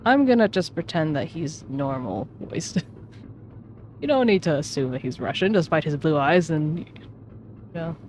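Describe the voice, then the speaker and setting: A woman's voice: sits low, animated, normal speed, darkish tone, slight background noise. A woman streaming a game, chatting casually and rambling with self-mocking jokes. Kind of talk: casual gaming commentary.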